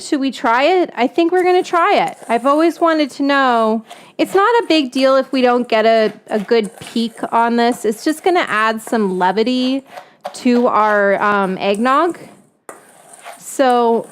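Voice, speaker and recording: A woman's voice: on the high side, clean tone. A woman hosting a casual cooking livestream, chatting playfully while she whisks and stirs, often joking at her own expense. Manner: playful, chatty, self-mocking. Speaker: cooking show host. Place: home kitchen.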